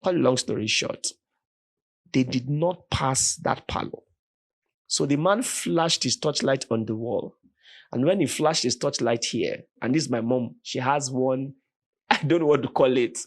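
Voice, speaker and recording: A Nigerian man, a podcast guest, telling a story with animated, vivid retelling and voiced quotes. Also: medium pitch, a little slow. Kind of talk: dramatic storytelling in conversation.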